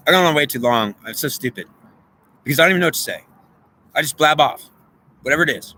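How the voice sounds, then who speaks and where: A man's voice: fairly high pitch, expressive, fast, pauses often, sharp tone, a little hiss or hum. A man in an unscripted monologue, rambling in a stream of consciousness and arguing back and forth with himself. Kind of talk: guided visualization.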